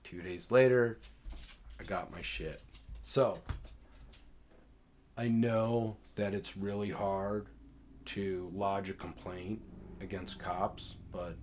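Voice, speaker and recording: A man's voice: sits low, steady tone, takes it slowly, pauses often, a little mellow, slight background noise. A man casually telling a personal story as host, cursing freely and acting out both sides of the conversations. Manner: profane, emphatic, acts out both sides of conversations.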